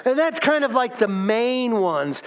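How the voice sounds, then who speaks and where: A man's voice: extremely high pitch, sing-song, measured pace, clean tone. A middle-aged man preaching a casual, joking sermon as pastor, chatting directly with the congregation.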